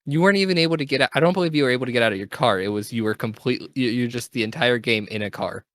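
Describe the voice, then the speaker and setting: A man's voice: medium pitch, rapid-fire, fairly bright tone, dry recording. A young man hosting a casual gaming podcast, talking in an enthusiastic, rambling way and correcting himself as he goes. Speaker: podcast host.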